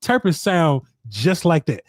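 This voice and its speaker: A man's voice: fairly high pitch, sing-song, unhurried, dry recording, studio quality. A man co-hosting a casual sports talk show, laid-back and slangy, laughing often as he answers the chat. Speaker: sports podcast co-host.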